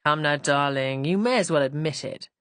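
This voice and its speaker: A woman's voice: low voice, moderate pace, a bit bright, no room sound, pitched below the performer's own voice. A woman reading as a languid husband, dry and teasing, unruffled, close dry sound, storybook.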